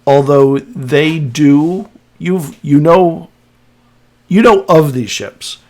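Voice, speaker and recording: A man narrating as game master of a tabletop role-playing game, describing scenes with halting restarts. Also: fairly high pitch, darkish tone.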